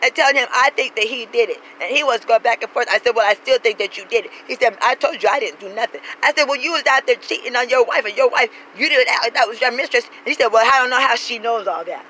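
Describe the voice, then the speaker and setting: A woman tells a foul-mouthed comic story in a brash, sassy, street-talking style, swearing constantly and acting out every person she quotes. Her fairly high, sharp voice races along with hardly any pauses. The recording is low quality with slight background noise.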